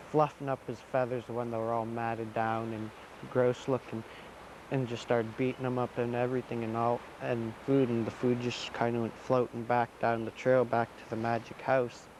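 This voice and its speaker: A man's voice: medium pitch, a little mellow, rough recording. Man telling a folk tale, faint hiss. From Alaska. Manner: loose, repetitive, conversational storytelling. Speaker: storyteller.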